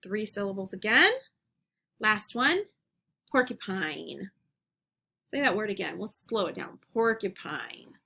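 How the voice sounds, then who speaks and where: A woman teacher leading young children through a phonics lesson, speaking clearly and encouragingly and repeating each word, recorded on a computer at home. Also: medium pitch, lively intonation, sharp tone, a little hiss or hum. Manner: slow, clear, encouraging classroom delivery with repeated words.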